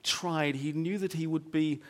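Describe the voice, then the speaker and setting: Preaching in his church, a male pastor talks with the congregation conversationally, tossing out rhetorical questions and quick "okay?" checks. His voice is slightly higher than most men's, with fairly even intonation. He drops into hushed, low passages and then climbs to loud, emphatic stretches.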